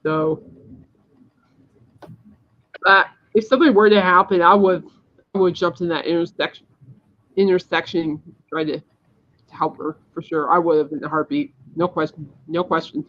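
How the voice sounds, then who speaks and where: A woman's voice: on the low side, fairly even intonation, normal speed, long pauses. A woman hosting a podcast, telling a personal story in a rambling, emphatic casual chat. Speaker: podcast host. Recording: dull lo-fi sound.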